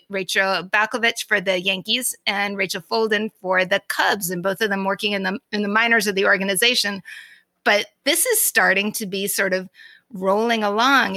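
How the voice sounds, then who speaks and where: A woman co-hosts a casual baseball talk show with a gravelly, fry-laden voice. Her tone is bright and forceful, her manner earnest and informative, and the sound is dry and close. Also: mid-range voice, no echo. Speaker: podcast co-host. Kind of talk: casual sports chat.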